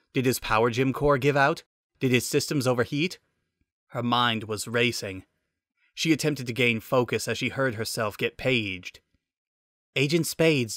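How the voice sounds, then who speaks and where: A man reading a fan-fiction story aloud in steady dramatic narration. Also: medium pitch, no echo, clean studio sound.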